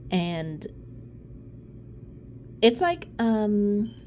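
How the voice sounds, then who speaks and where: Woman tarot reader, unhurried, blunt, foul-mouthed, loose and rambling. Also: medium pitch, sing-song, darkish tone, slight background noise. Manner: blunt, profane and rambling, with frequent laughs and sighs. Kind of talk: casual off-the-cuff reading.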